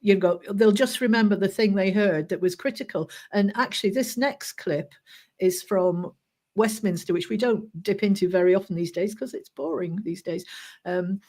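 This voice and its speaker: A woman co-hosting a political podcast in a conversational tone. She introduces clips and pushes back with sharp, sceptical questions. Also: mid-range voice, normal speed. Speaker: podcast co-host. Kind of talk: casual political chat.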